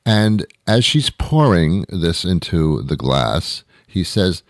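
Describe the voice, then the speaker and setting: A man with a very low voice rambles through a comic monologue in a deadpan, mock-outraged way. The sound is dry and close, with no room sound. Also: slow pace, few pauses, no room sound. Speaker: show host. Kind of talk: comedic monologue.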